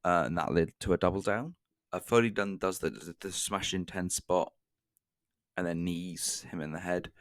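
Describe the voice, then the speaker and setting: British man, deep voice, dry close recording, casual review, sarcastic asides. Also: normal speed, no room sound. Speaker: wrestling reviewer.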